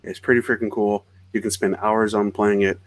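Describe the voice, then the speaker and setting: A man's voice: on the low side, level tone, normal speed. A man co-hosting a casual podcast, telling anecdotes in a chatty way. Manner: chatty storyteller, laughs while telling anecdotes. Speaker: podcast co-host. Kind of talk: casual chat.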